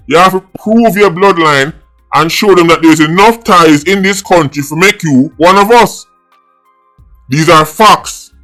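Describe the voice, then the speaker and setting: A man's voice: high voice, pushed and bright. Blunt Jamaican man ranting. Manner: blunt, mocking and combative, switching between patois and English. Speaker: political vlogger. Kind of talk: opinionated monologue.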